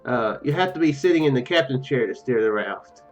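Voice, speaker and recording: A man reads game text for a casual let's play in a mid-range, animated voice, a little on the fast side. Faint music plays as he restarts, adds asides and laughs easily, all on a muffled, dull recording.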